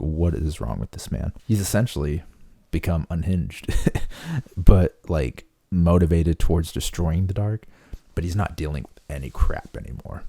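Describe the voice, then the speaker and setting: A man casually recapping a book for his channel, excited and full of "like" and "um". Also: low voice, dry recording, studio quality. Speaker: book reviewer.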